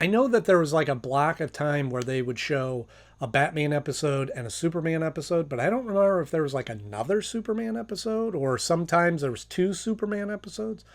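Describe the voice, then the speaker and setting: Casual male reviewer, slightly high, rambling with plenty of fillers and restarts. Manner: rambling, hesitant, lots of fillers. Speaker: episode reviewer.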